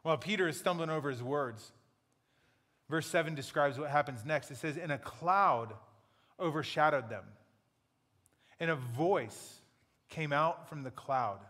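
A man's voice: fairly high pitch, unhurried, pauses often, pushed and bright. Man preaching in a reverberant hall. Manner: conversational, playful storytelling with acted asides. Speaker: pastor. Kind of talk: sermon.

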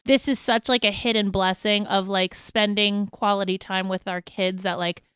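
A woman's voice: mid-range voice, fairly even intonation, moderate pace, fairly bright tone, smooth, no room sound, clean studio sound. A woman in her thirties co-hosting a podcast, talking casually with lots of filler words and swearing. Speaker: podcast co-host. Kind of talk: casual chat.

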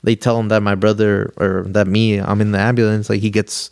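Gravelly young man telling a story. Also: on the low side, flat delivery, a little fast, darkish tone, dry recording, studio quality. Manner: rambling, heavy use of "like", swears freely. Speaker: podcast guest. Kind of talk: casual storytelling.

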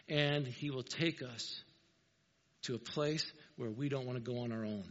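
A man preaching a sermon, telling the story with animated, emphatic asides. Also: mid-range voice, moderate pace. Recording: reverberant hall, dull lo-fi sound.

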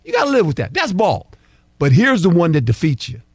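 On a sports talk show, a football analyst guest breaks down the game in a high, animated male voice that runs a little fast with a breathy edge. The mic is close and dry with no echo, and he's emphatic and homespun, acting out lines as players and coaches.

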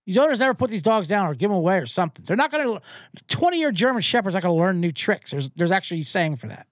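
A male sports host rambles through a casual solo monologue, cursing freely. His pitch swings widely as he talks. The sound is close and dry, with no room echo. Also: fast. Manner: rambling and profane, with animated impressions.

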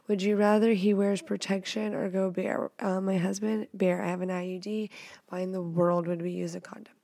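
A young woman hosting a podcast in a casual chat, blunt and playful and quick to poke fun at herself. Her voice sits a little low and carries a gravelly edge. The sound is close and dry. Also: mellow, no room sound. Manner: blunt, playful, self-mocking. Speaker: podcast host.

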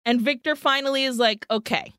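A woman with a fairly high voice retells a film's plot, acting out each character as she goes. She switches between English and in the middle of a story. The sound is dry and close. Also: animated, unhurried, fairly bright tone, no room sound. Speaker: podcast co-host recapping a film. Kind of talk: casual comedic film recap.

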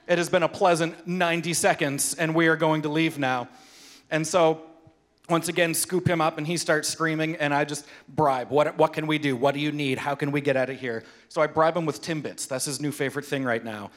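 A high-pitched pastor preaches a sermon, telling personal stories in an animated, self-deprecating manner.

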